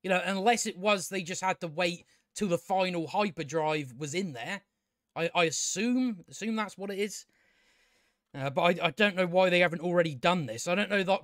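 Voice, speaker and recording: Male reviewer, high-pitched, dry close sound, stammering, sweary, scornful rant. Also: fairly bright tone, no room sound. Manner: stammers and repeats words often; profane and scornful. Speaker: show reviewer. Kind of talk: casual ranting review.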